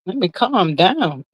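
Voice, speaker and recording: Her medium-pitched voice comes out creaky and husky as she runs a chatty, casual livestream, welcoming her chat and reading messages with Southern slang. Everyone gets called "child." The audio is poor but free of echo.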